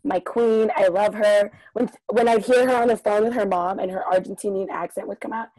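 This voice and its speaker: Husky young woman, giggly chat. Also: medium pitch, a little fast, no room sound. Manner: giggly, animated storytelling. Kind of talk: casual chat reminiscing. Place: outdoors in sun.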